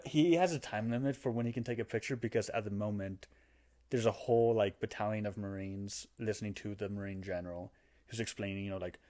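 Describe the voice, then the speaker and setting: Man animatedly retelling a game plot. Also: on the low side. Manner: animated storytelling, acting out character lines with laughs. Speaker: podcast co-host explaining a game plot. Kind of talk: casual chat.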